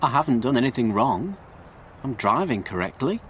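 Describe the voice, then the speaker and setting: A man's voice: mid-range voice, sing-song, normal speed, a little hiss or hum, lightly acted. A man voicing an eager, restless seventeen-year-old lad. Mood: earnest.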